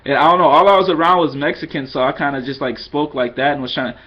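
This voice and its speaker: A man's voice: a little high, steady tone, quick pace. Rambling casual man, lo-fi sound. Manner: rambling, loose and self-deprecating, drops in Spanish phrases. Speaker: vlogger teaching Spanish. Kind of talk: casual vlog lesson.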